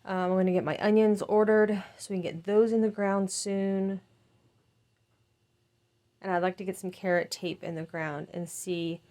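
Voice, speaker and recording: A woman's voice: medium pitch, fairly even intonation, normal speed, darkish tone. A woman in her thirties chatting casually in a home gardening vlog, rambling with frequent ums. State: out of breath. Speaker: gardening vlogger.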